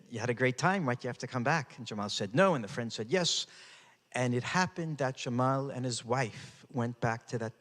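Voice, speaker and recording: A man's voice: mid-range voice, a bit bright. Older man telling a story in a hall. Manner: dramatic, builds to raised intensity. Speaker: speaker. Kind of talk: storytelling talk. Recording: hall with long reverb.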